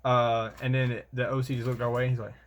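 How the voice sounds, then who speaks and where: A man's voice: medium pitch, level tone, fast talker. A young man, telling a rambling, slangy vlog story about army training and calling the listener bro. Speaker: soldier vlogger.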